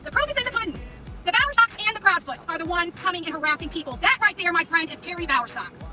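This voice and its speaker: A woman's voice: very high voice, expressive, fast, recorded from a distance, music in the background. A woman live-streaming from her car, heatedly confronting and taunting someone, with a repetitive, combative way of talking. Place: in a car in traffic.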